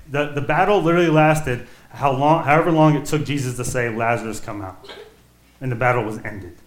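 Male preacher, mid-pitch, casual conversational sermon delivery, reverberant room. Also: a little fast. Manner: casual, conversational preaching with many restarts and rhetorical questions. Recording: echoey room.

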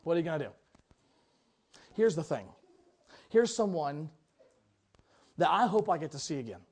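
High-voiced male preacher, animated. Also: moderate pace. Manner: animated storytelling with big swings in pitch and loudness; drops to a low, quiet, earnest tone for exhortation. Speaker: pastor. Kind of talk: sermon.

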